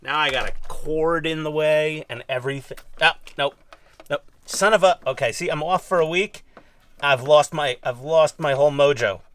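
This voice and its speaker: A man's voice: on the high side, moderate pace, fairly bright tone, no room sound. A man from New York with a New York accent, chatting casually as he builds a scale model, rambling and self-mocking with many fillers. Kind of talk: casual workshop chat. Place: home hobby workbench.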